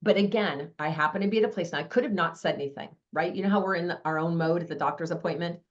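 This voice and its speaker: Woman host, fast and chatty storyteller, lower voice, slightly dull lo-fi sound. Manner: chatty storyteller acting out dialogue. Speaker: meeting host. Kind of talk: casual group sharing.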